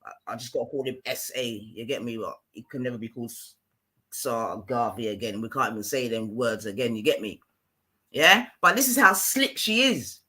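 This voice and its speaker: A woman's voice: a bass voice, expressive, moderate pace, pushed and bright. Emphatic woman ranting on a live stream. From London. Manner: emphatic and repetitive, keeps asking the listener to follow.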